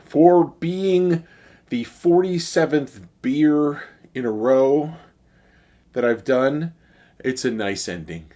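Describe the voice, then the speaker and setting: Reviewing a beer on video, this middle-aged Chicagoan talks slowly in a fairly high-pitched voice. His casual chat is easygoing, with fillers and the occasional sigh.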